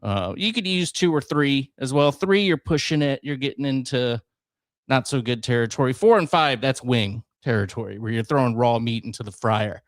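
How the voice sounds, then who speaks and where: A man, chatting casually as co-host of a talk show. He tells stories in an easy, animated way and laughs often. His voice sits at a middle pitch, and the sound is dry and close. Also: normal speed, no echo. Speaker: podcast co-host. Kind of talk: casual chat.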